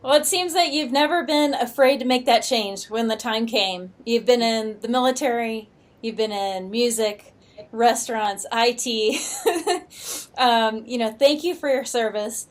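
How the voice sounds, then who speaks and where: A woman's voice: fairly high pitch, a little slow. A woman hosting a podcast, asking a guest friendly, appreciative questions. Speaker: podcast host. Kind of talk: interview questions.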